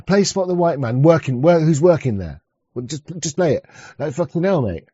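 A man's voice: a little high, animated, normal speed, warm tone, husky, no echo. A man ranting in rambling reaction commentary, crude and sarcastic, with frequent restarts, on a dull lo-fi mic. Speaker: streamer reacting to a clip.

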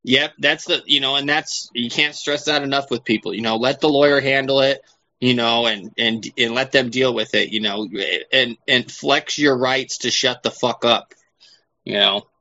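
Bright-voiced man, rambling and profane. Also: mid-range voice, steady tone, normal speed. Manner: profane, rambling, heavy on fillers. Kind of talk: casual chat. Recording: dull lo-fi recording.

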